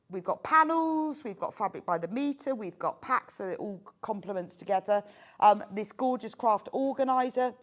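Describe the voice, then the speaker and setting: British woman, shopping TV presenter, lively up-and-down delivery, upbeat selling. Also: mid-range voice. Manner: chatty, enthusiastic selling.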